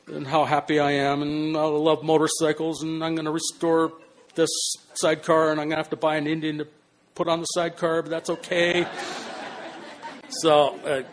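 An older man telling a personal story in an animated, swearing way, swinging between hushed and loud. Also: a little high, a little hiss or hum. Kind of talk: spoken personal anecdote.

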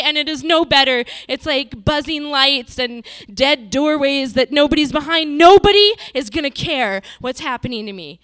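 A woman's voice: sits high, normal speed, hardly any pauses, a bit bright, dry recording. Dramatic storyteller woman from Montana. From Montana, USA. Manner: vivid, dramatic retelling. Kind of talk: personal storytelling.

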